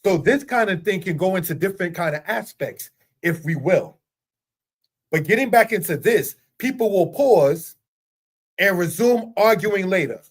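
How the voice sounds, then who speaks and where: A man's voice: fairly high pitch, moderate pace. A middle-aged man teaching a religious lesson in an earnest, repetitive way, full of rhetorical questions. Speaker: Torah teacher. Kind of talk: spoken teaching monologue.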